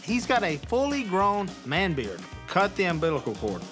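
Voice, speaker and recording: A man's voice: high-pitched, wildly swooping pitch, normal speed. A grown son on a reality show, exasperated and wisecracking as he narrates and bickers with his family. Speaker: reality show cast member, eldest son. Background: music.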